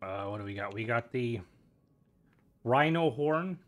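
A man's voice: medium pitch, animated, measured pace. A young Irish man chatting casually with viewers while streaming a game, rambling from one thought to the next. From Ireland.

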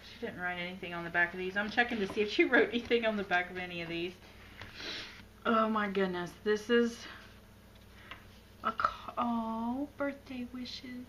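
A woman's voice: mid-range voice, normal speed, pauses often, a bit bright. A tearful woman opening a gift box on camera, gushing in awe and often dropping to a near whisper. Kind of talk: casual unboxing chat. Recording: noisy room background.

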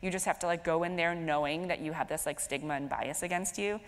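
A woman in her thirties hosting a stage conversation, talking in a lively, filler-heavy, storytelling way. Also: deep voice, fast talker. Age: 30s. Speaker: host moderating a stage conversation. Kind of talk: chatty onstage conversation. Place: stage of a live event in a hall. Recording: echoey hall with faint noise.

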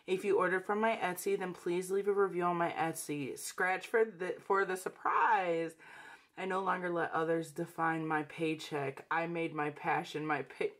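A woman's voice: fairly low pitch, steady tone, unhurried, a bit bright. A young woman hosting a casual unboxing vlog, gushing and emotional, calling her viewers sis and y'all. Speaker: budgeting channel host.

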